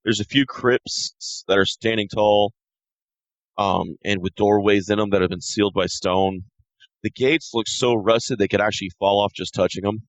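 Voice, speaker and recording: Low-voiced man running a tabletop game. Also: fairly even intonation, no echo. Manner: slow descriptive narration with self-corrections. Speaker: game master. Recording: dry muffled lo-fi sound.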